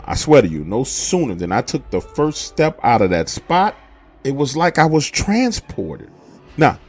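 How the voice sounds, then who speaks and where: Earnest man telling a lively story. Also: mid-range voice. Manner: earnest, conversational. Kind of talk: spoken true-story narration.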